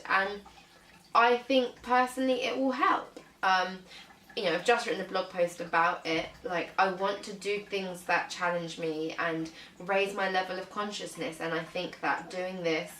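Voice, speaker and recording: A woman's voice: fairly low pitch, steady tone, unhurried, fairly bright tone, reverberant, distant mic, a little hiss or hum, poor audio. A young British woman vlogging casually about her fitness, chatty, with lots of "um" and "like". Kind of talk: casual vlog talk.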